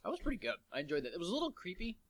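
Fast-talking man in casual chat. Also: high-pitched, huge pitch swings. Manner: rambling, laid-back, joking.

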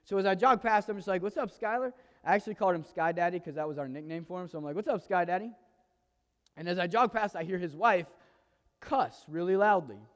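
A man telling a personal story to an audience in a conversational way, acting out the quoted dialogue with lively energy. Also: high voice, fast. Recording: long hall reverb.

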